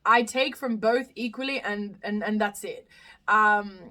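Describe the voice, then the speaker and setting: A woman's voice: medium pitch, unhurried, bright, forceful tone. A young woman from Australia hosting a casual live stream, chatting through viewer comments with lots of fillers and restarts. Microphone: phone live stream.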